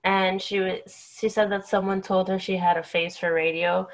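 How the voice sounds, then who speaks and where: Young woman with a creaky voice. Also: mid-range voice, little pitch movement, normal speed. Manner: chatty, acts out quotes, laughs often. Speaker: podcast co-host. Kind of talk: casual podcast chat.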